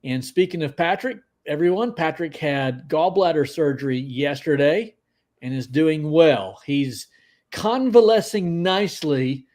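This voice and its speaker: Chatty livestream host, man. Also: a little high. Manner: chatty, greets viewers by name, excitable. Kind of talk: casual livestream chat.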